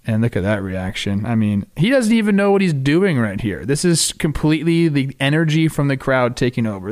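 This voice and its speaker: A man hosting a baseball podcast, talking through game clips casually with excited, animated asides. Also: medium pitch, normal speed, few pauses. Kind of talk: casual video breakdown commentary.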